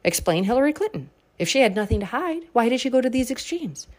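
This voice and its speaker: A woman's voice: on the high side, very animated, fast talker. A woman giving casual political commentary, sarcastic and combative, pushing her voice up sharply on her biggest points.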